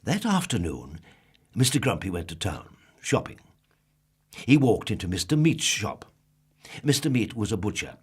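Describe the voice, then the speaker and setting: A man's voice: lowish voice, big pitch swings, normal speed, pauses often, slightly rough. A man reading a children's storybook aloud, asking the listener questions and drawing out words. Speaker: storybook narrator.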